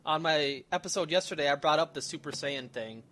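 A man's voice: on the high side, a little fast, sharp tone. A man who guests on a casual podcast chat, joking and laughing often.

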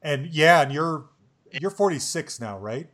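A man's voice: on the high side, animated, unhurried, fairly bright tone. A man in his forties hosting a podcast, chatting in a rambling way and laughing easily. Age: 40s. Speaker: podcast host. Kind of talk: casual chat.

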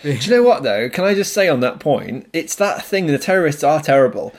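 A man's voice: fairly high pitch, sing-song, brisk. Chatty man, laughing a lot. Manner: chatty, laughs often, mocks stereotypes. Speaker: podcast co-host. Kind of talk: casual film discussion.

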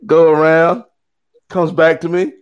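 A man telling a funny story in casual chat, animated and acting out the people in it. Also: unhurried, highs cut off. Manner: lively, acts out quoted voices with big pitch swings. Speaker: guest co-host.

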